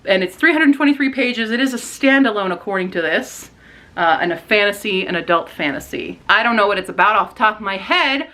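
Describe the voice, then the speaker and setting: A woman booktube vlogger chatting casually about her reading list, animated and excitable, sometimes squealing with surprise. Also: mid-range voice, a little fast. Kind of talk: casual chat, reading book blurbs aloud.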